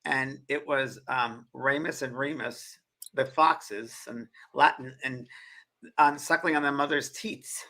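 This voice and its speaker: A man's voice: mid-range voice, steady tone, slow pace, bright, forceful tone. A man hosting a casual chat, talking in a conversational, reflective way. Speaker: host.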